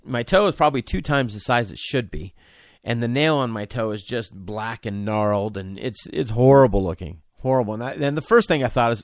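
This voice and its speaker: A man's voice: mid-range voice, dry recording, clean studio sound. A man in his forties, a podcast host, telling a personal story with many restarts and fillers.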